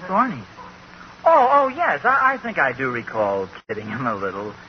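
An actor playing a hesitant, stammering sitcom husband in 1940s radio acting. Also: male voice, medium pitch, animated, normal speed, close to an everyday voice. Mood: flustered. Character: flustered, fumbling sitcom husband. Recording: dull, hissy old radio recording.

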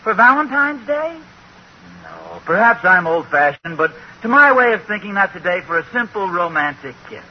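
Flustered, stammering husband. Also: male voice, sits high, very animated, normal speed, slightly rough, exaggerated voice. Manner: hesitant, stammering, evasive. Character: flustered, fumbling sitcom husband. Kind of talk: 1940s radio acting. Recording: dull, hissy old radio recording.

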